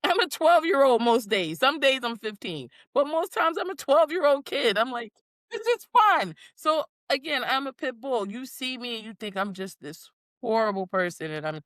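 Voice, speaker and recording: A woman with a slightly high voice chats casually on a podcast. She tells stories with energy and jumps into different voices whenever she quotes someone. The sound is close and dry. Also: moderate pace, few pauses, dry recording. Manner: animated storyteller, acts out quotes in shifting voices. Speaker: podcast co-host. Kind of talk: casual chat.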